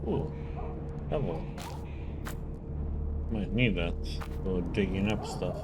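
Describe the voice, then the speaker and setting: A man's voice: low voice, slow pace, heavy background noise. Man muttering through a game. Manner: relaxed, muttering to himself. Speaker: game streamer. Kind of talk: casual gameplay commentary.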